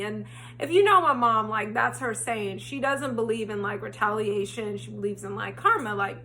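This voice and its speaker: A young woman vlogger telling a personal storytime in a casual, animated way that rises to indignation. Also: on the high side, moderate pace. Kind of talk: storytime vlog. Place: home, frogs heard outside.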